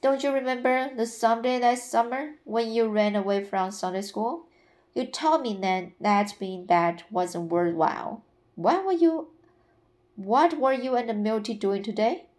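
A woman reading aloud, voicing a patient, imaginative young woman who talks in a gentle, storytelling way. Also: on the high side, a little slow, lightly acted.

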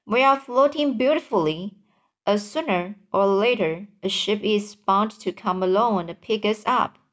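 A woman voicing a calm, confident young boy. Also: mid-range voice, unhurried, natural voice.

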